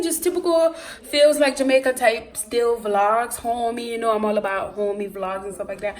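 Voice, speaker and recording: A young woman vlogs on her phone at an airport and in a hotel room, her voice a little high and her pace a little fast. She's chatty and playful, calling her viewers "guys" and "y'all" as she talks casually to the camera. The phone recording is noisy.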